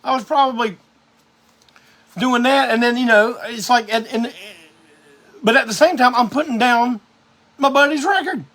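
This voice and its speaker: A man's voice: very high-pitched, moderate pace, long pauses, a bit bright. A man hosting a live music show, telling a rambling, profane story in a casual monologue.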